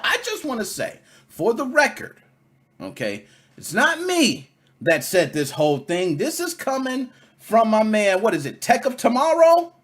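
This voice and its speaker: Animated ranting male podcast host. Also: extremely high pitch, measured pace, slightly rough. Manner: animated, ranting, swears freely, swings from loud to muttering. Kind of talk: solo gaming podcast rant.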